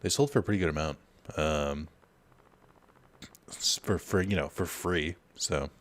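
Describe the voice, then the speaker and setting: Low-voiced man rambling over gameplay. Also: unhurried. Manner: rambling, filler-heavy, storytelling while playing. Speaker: let's play host. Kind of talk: casual gameplay commentary.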